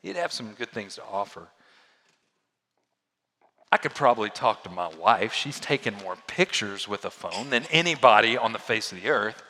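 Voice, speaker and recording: A man preaching a sermon as a pastor, swinging from loud emphasis down to hushed, quiet lows. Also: expressive, moderate pace, slightly rough, in a large hall.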